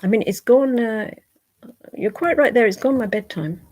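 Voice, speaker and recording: A woman's voice: a little high, normal speed, darkish tone. A British woman on a livestream, bluntly scolding and swearing at online trolls.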